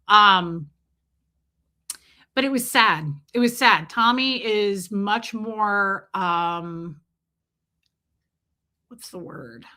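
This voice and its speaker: A woman with a mid-range, sharp-toned voice draws out her words and leaves long pauses. Hosting a casual livestream, she tells a rambling personal story and stops now and then to greet chat viewers by name.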